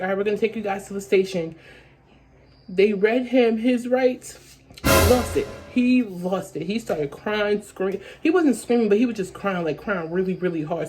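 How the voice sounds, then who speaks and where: A woman's voice: mid-range voice, darkish tone. Young woman, story-time vlog, rambling, repetitive, filler-heavy, talking to camera. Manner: rambling, repeats words, many fillers. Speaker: vlogger.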